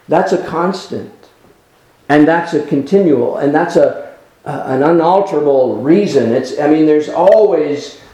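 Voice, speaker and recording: A man preaching a sermon as a pastor, in an unhurried, earnest way, often restarting his sentences and filling pauses with "uh" and "you know". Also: medium pitch. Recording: roomy echo.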